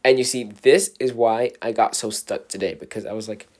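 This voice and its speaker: A man's voice: on the low side, steady tone, moderate pace, a little mellow. A young man, a student, rambling casually to camera as a vlogger in a self-deprecating way, often restarting his sentences. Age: young adult, a student.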